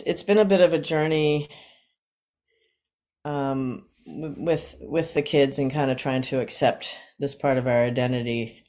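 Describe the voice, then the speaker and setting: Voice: mid-range voice, a little mellow. A person in their fifties sharing personal experiences in a casual, hesitant way, with many fillers and restarts. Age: 50s.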